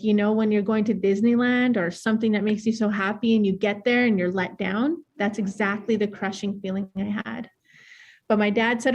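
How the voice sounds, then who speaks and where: A woman's voice: medium pitch, a little mellow. A woman from northern Saskatchewan with a northern Saskatchewan accent, a dancer and choreographer telling her own life story in a candid, plain-spoken way that laughs easily. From northern Saskatchewan, Canada. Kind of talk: personal storytelling talk.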